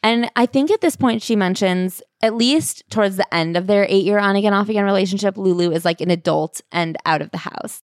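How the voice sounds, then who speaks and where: A woman's voice: mid-range voice, brisk, few pauses, dry recording, studio quality. A woman co-hosting a podcast, casually retelling a memoir with wry amusement. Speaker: podcast co-host.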